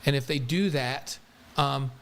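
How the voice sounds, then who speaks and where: A man co-hosting a casual chat show, animated and talkative, often jumping into quoted voices with big pitch rises. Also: unhurried, gravelly. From East Coast of the United States. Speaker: co-host. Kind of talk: casual radio-style chat.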